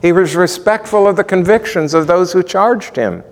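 A man's voice: high-pitched, normal speed. A man teaching a Bible sermon, walking listeners through verses and asking the congregation rhetorical questions. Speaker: pastor. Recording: long hall reverb.

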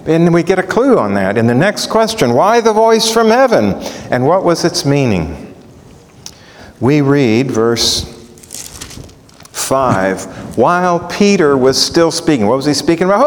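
A man's voice: a little high, a little slow. A male preacher teaching from the Bible, asking questions as he goes. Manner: animated, asks the audience questions. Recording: echoey hall.

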